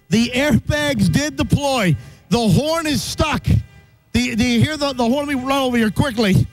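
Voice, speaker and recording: Guy with a really high voice yelling play-by-play outside, laughing his head off, bit of music behind. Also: lively intonation, measured pace, rough recording. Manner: breathless, laughing, shouting. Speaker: host. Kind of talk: excited live commentary. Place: outdoors.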